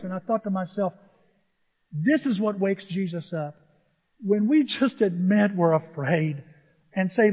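A man preaching a sermon as pastor, swinging between loud declarations and quiet asides. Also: high voice, a little slow, pauses often. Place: church sanctuary. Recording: dull echoey sanctuary sound.

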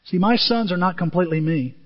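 A middle-aged man preaching a sermon, telling stories with lively jumps in pitch and quick asides. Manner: animated storytelling with sudden pitch jumps and asides. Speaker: pastor. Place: church auditorium. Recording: dull sound in a reverberant hall.

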